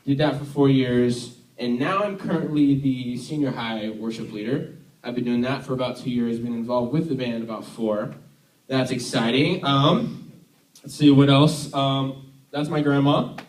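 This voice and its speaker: A man's voice: mid-range voice, normal speed. A young man from Tennessee giving a casual, joking sermon as a youth worship leader, chatty and self-deprecating. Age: young adult. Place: church hall. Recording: echoey hall, mic from far off.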